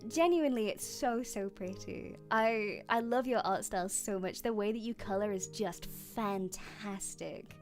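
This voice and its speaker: A woman's voice: medium pitch, unhurried, few pauses, darkish tone, soft background music. A young woman streaming a casual chat as a VTuber, bubbly and prone to squealing over fan art.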